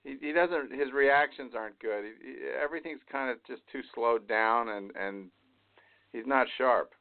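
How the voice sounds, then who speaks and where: A man co-hosting casual sports radio banter, giving hesitant, measured remarks. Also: medium pitch, no room sound. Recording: tinny phone-like line.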